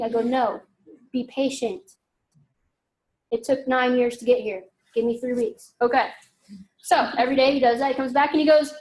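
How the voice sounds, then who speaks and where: Woman, high voice, animated storytelling talk, acts out dialogue, quizzes the audience. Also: moderate pace, pauses often. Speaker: speaker giving a talk.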